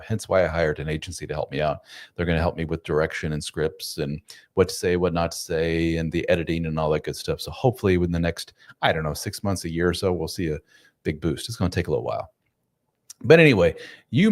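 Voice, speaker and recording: A man hosting a casual live stream from home, chatting loosely with viewers in a self-deprecating way. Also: low voice. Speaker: live stream host, men's coach. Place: home room.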